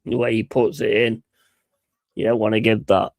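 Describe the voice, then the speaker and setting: A man hosting a football watch-along, calling play-by-play in a blunt, excitable and heavily sweary way. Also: lowish voice, moderate pace, vocal fry. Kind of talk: live match commentary.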